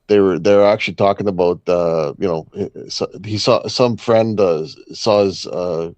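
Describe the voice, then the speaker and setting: A man from Canada co-hosting a podcast, talking haltingly in casual chat with many fillers and chuckles. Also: deep voice, a little mellow, no echo. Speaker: podcast co-host. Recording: dull lo-fi sound.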